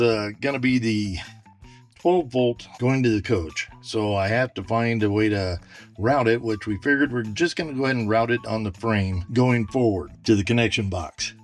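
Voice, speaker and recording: A man giving a casual, halting how-to walkthrough of wiring his trailer, slightly out of breath. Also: mid-range voice. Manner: plain, halting, lots of "uh". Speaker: RV owner doing a DIY install. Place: travel trailer and its storage bay, hot weather.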